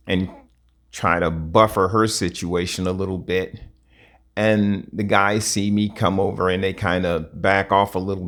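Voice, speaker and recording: A man telling a personal story in a casual, halting way, in short broken phrases. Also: low voice. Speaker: vlogger.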